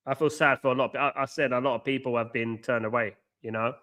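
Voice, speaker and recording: Bright-voiced man chatting on a live stream. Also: mid-range voice, fairly even intonation, fast talker. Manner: chatty, repeats himself, banters with viewers. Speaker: watchalong host reading live chat. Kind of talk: live stream commentary and chat.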